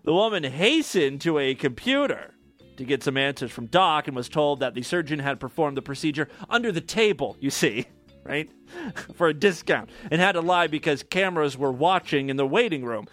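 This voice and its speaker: A man's voice: on the high side, animated, moderate pace, a bit bright, faint music behind. A man hosting a podcast, giving casual news commentary with irreverent, crude jokes and frequent laughs. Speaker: podcast host.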